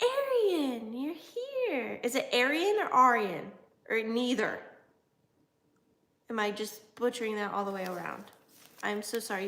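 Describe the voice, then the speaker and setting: A woman, hosting a casual livestream and chatting excitedly with viewers, often jumping between topics. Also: on the high side, reverberant. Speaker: antique reseller hosting a livestream. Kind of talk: casual live chat with viewers.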